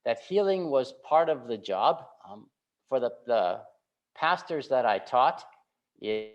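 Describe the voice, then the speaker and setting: A male pastor giving a relaxed, conversational sermon, often checking in with the congregation by asking "right?". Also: mid-range voice, slow pace. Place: church sanctuary. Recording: slightly muffled church recording.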